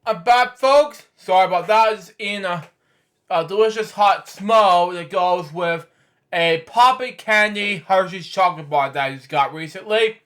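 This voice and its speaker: Guy with a really high voice doing a reaction stream, keeps saying wow, chatty and casual. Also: a little slow, a bit bright. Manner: interjects repeated "wow" reactions. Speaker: reaction channel host.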